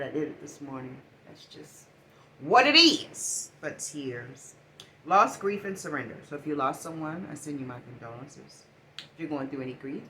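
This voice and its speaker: A middle-aged woman giving a casual spiritual oracle card reading, talking in a preachy way and swinging between loud bursts and hushed asides. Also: low voice, a little hiss or hum.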